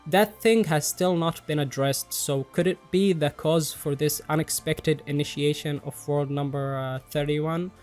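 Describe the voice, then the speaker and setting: Young male reviewer with a slightly high voice, loose and jokey, over faint background music. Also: measured pace, few pauses. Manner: excitable, jokey, swears freely, self-deprecating. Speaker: manga reviewer. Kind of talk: casual commentary.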